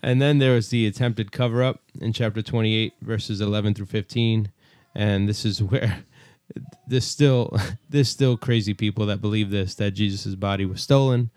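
Man, co-host, relaxed Bible study talk, lowish voice, dry close sound. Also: normal speed, hardly any pauses, clean tone, no room sound. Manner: walks through chapters and verses in an easygoing way. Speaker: podcast co-host. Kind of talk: casual Bible study podcast.

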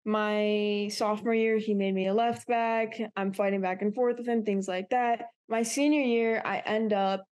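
Young female co-host, earnest and reflective, mid-pitched voice, casual podcast delivery. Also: moderate pace, hardly any pauses. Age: young adult. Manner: earnest, reflective, animated when recounting.

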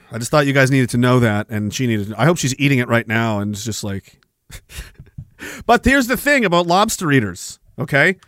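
A man hosting a podcast, rambling through a profane, animated rant, swearing and chuckling, swinging from loud bursts to low mutters. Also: moderate pace, pauses often, dry recording, studio quality. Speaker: podcast host.

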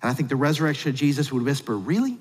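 A man preaching a sermon, telling a family story with jokes and big swings between quiet and loud. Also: racing, slightly rough. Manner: animated storyteller with big swings in pitch and loudness; humorous asides. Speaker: pastor. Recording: long hall reverb.

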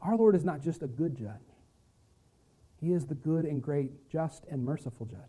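Man, pastor, sermon, mellow tone, slightly high voice, loud then hushed delivery. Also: normal speed, husky. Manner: preaching with wide swings from loud emphasis to hushed lines.

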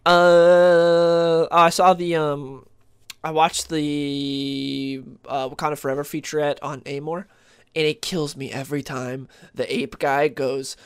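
A man's voice: a little high, level tone, takes it slowly, clear, resonant tone. A man hosting a podcast in casual chat, rambling with many fillers and restarts. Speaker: podcast host.

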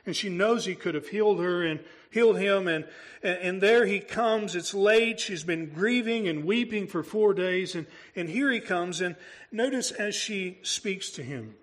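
A man's voice: high-pitched, unhurried, a bit bright. A male pastor preaching a sermon, talking through the story in a conversational way and asking his congregation rhetorical questions.

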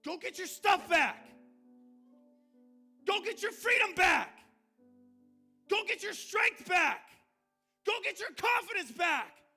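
A man's voice: extremely high pitch, sing-song, takes it slowly, long pauses, pushed and bright, soft background music. A man preaching a fiery sermon in a church. He repeats his calls again and again and rouses the congregation. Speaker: pastor. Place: church sanctuary.

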